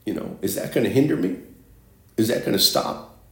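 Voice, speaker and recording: A man's voice: fairly low pitch, expressive, fairly quick. A man preaching a sermon, reading scripture and repeating phrases for emphasis. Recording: echoey room.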